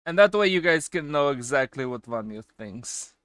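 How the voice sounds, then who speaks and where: A man streaming and chatting casually with his viewers. He swings between loud excited bursts and quieter asides, and he swears casually. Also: medium pitch, moderate pace, no echo, studio quality. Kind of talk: casual chat with a live stream chat.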